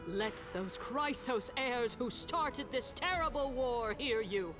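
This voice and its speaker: A solemn young heroine from a game cutscene, calls on a people to be heard. Her voice is high and unhurried, every word weighed. A clear music score plays beneath her. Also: animated. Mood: stirring. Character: solemn young woman rallying a people against war. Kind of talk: video game cutscene dialogue.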